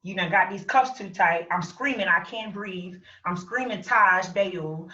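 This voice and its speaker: A woman recounts her story in an animated way, acting out what she shouted. Her voice is bright and forceful. She sounds distant in a roomy space, on a dull lo-fi recording. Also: mid-range voice, a little slow. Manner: animated, acts out her own shouts and quotes. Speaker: interview guest. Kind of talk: personal story in an interview.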